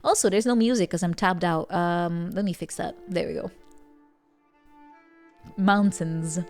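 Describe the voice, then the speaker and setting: A woman's voice: fairly low pitch, unhurried, pauses often, darkish tone, faint music behind. Giggly woman streamer chatting. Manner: giggly, laughs often between remarks. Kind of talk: casual chat with live viewers.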